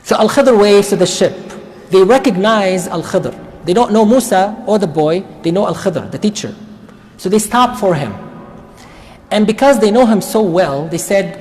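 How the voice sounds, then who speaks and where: A man's voice: high-pitched, expressive, a little mellow. Man retelling a story in a reverberant hall. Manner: retells the story conversationally, with quick asides. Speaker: Quran study teacher. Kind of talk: casual storytelling lesson. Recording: long reverb of a large hall.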